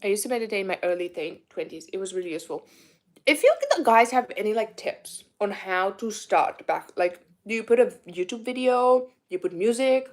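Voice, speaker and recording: A woman's voice: mid-range voice, lively intonation, a little fast. A young woman from Romania with a mixed Romanian accent, chatting candidly to viewers in a rambling way with many fillers. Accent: Romanian, mixed with British and Irish. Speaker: vlogger. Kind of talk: casual eat-with-me chat answering viewers.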